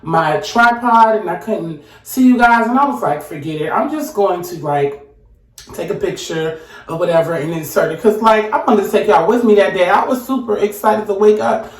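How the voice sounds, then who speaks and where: A young woman in casual storytime chat, animated and talking straight to her viewers. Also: medium pitch, moderate pace. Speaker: vlogger. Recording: echoey room.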